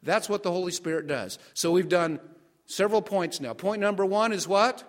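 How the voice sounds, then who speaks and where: Older guy pastor preaching a sermon, kinda high voice, keeps quizzing the crowd. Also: moderate pace. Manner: asks the congregation questions and waits for answers.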